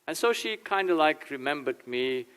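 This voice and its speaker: German-accented man giving a lively talk. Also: fairly high pitch, moderate pace, clear, resonant tone. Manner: animated, laughing, acts out dialogue in changing voices. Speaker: family therapist speaking to a church audience. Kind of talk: informal talk with acted quotes.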